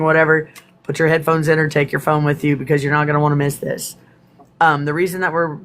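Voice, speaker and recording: A woman's voice: sits low, slight background noise. Rambling Texan woman live-streaming. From Texas. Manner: rambling, chatty, swears casually. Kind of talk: casual live-stream chat.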